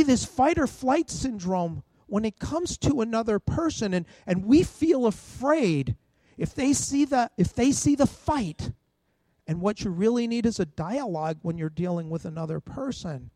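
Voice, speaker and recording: An older man delivers a sermon in a relaxed, conversational way, turning to his listeners with rhetorical questions. His voice sits fairly high for a man. The sound is dry and close, with no room echo. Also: a little slow. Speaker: pastor.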